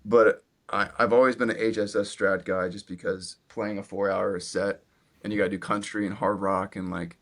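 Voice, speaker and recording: A man's voice: lowish voice, normal speed. Young man rambling casually about his gear. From Virginia, US. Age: 20s. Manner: relaxed, rambling with many "like" fillers. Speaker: guest guitarist. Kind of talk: casual interview chat.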